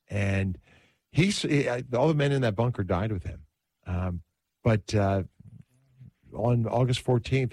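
A man's voice: lowish voice, a little mellow, no echo. A man hosting a religious talk show who tells stories of saints in an earnest, devout way. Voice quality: earnest, devout storytelling manner. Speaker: host.

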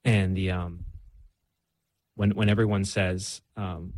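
A man's voice: low-pitched, little pitch movement, slow pace, long pauses, darkish tone, no echo. A young man telling his own faith story in a candid, self-deprecating way, full of fillers and restarts. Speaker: guest. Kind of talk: casual faith conversation.

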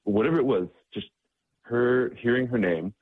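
A man being interviewed as a charity staff member, speaking in a halting way and repeating words, heard over a tinny phone-like line. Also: mid-range voice, breathy edge. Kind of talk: interview conversation.

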